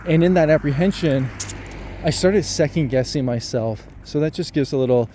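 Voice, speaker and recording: A man vlogging, telling a personal story in a reflective, hesitant way with many pauses and restarts. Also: a little high, warm tone, slight background noise.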